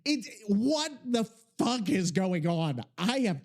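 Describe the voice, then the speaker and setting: Exasperated and swearing, a male podcast host rants through a casual live chat and repeats his questions. His high-pitched voice swings widely in pitch and moves slowly, and the recording is very noisy.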